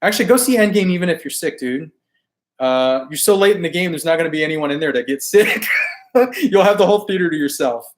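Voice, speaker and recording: A man hosting a live stream, his voice going hoarse as he loses it. He sits a little higher in pitch than most men and keeps things laid-back and slangy, chatting with viewers and laughing easily between comments. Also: animated, fast talker. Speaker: toy collecting live stream host.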